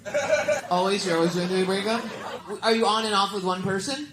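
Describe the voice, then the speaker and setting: A woman's voice: mid-range voice, brisk, heavy background noise. A woman stand-up comedian doing crowd work, teasing the audience with blunt questions. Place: comedy club stage. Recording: echoey comedy club with loud crowd laughter. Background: audience laughter.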